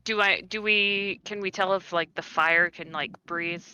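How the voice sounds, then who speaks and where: A woman's voice: on the low side, fairly even intonation, unhurried, sharp tone, clean tone, no echo. A woman playing a tabletop game, joking often and laughing between her lines. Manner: giggly, joking. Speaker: player. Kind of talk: casual tabletop play.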